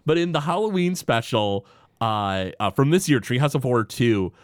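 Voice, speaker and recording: Casting: male podcast co-host, animated pitch, chatty, hesitant, close dry sound. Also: moderate pace, dry recording. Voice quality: animated, acts out quoted characters in shifting voices. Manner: filler-heavy, frequent "uh" restarts. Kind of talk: casual podcast recap.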